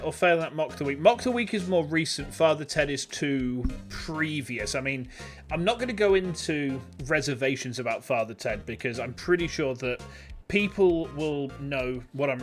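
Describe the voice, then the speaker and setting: An English man in his thirties rambling chattily while streaming a game. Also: fairly high pitch. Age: 30s. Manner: rambling, chatty, self-deprecating. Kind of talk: casual gameplay commentary.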